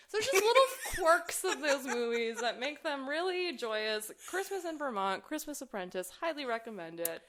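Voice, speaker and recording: A woman co-hosting a podcast in casual chat, recapping movies as an animated storyteller who swears freely and laughs often. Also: high voice, normal speed, hardly any pauses, a little hiss or hum. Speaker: podcast co-host.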